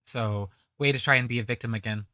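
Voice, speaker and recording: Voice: mid-range voice, fast, sharp tone, no room sound, clean studio sound. Profane, sarcastic reaction commentator.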